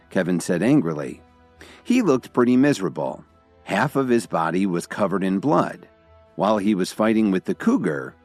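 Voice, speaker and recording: A man narrating a dramatic story in a steady, expressive reading. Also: low voice.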